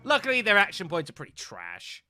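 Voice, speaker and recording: A man's voice: sits high, huge pitch swings, brisk, bright, forceful tone, smooth, faint music behind. A man streaming a game live, talking to viewers as folks and getting exasperated at missed shots. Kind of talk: live gameplay commentary.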